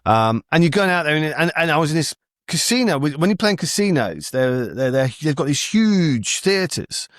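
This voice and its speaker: A middle-aged British man spins a road story as a comedian guest on a podcast. He jumps into other people's voices as he goes, and his pitch climbs high for the punchlines. The sound is close and dry. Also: normal speed, dry recording. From Britain. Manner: animated storyteller who acts out voices in quotes.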